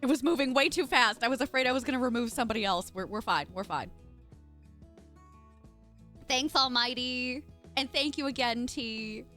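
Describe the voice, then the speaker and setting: Bubbly high-voiced woman streamer. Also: a little fast, pushed and bright, soft background music. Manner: bubbly, greets chat members by name. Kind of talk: casual live-stream chat.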